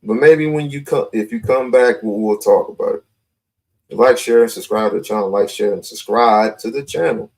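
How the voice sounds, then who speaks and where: A man's voice: fairly low pitch, normal speed, darkish tone. A man hosting a live call-in stream, talking confrontationally and repeating his points. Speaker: livestream host.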